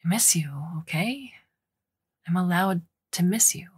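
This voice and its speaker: A woman reading aloud and voicing a young woman on the phone, speaking in a soft, whispery, creaky way. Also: low voice, fairly even intonation, normal speed, no echo, clean studio sound, exaggerated voice. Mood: wistful.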